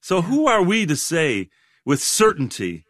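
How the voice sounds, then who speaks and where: A man in his sixties, a guest in a reflective interview, talking in a halting, rambling way with many restarts. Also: a little high, huge pitch swings, a bit bright, no echo, clean studio sound. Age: 60s.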